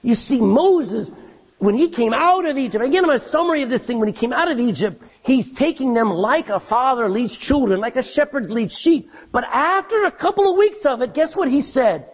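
A man preaching a sermon, reading scripture aloud and swinging between loud emphasis and hushed asides. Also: very high-pitched, lively intonation, moderate pace, breathy edge, lo-fi sound.

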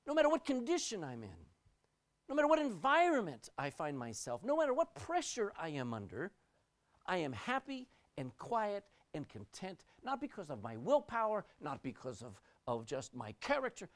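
A woman delivers a sermon in a very animated voice, her pitch sweeping high and low. She presses hard on key phrases, then sinks to a hush. She often repeats a word as she restarts a thought. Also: normal speed. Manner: expressive, rising and dropping sharply for emphasis; repeats words when restarting. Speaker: preacher.

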